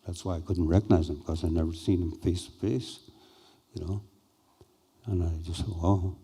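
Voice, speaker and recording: An older man slowly and haltingly recounting a personal experience as a speaker at a conference. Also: deep voice, steady tone, warm tone, husky. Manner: slow, halting, reflective. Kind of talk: personal storytelling.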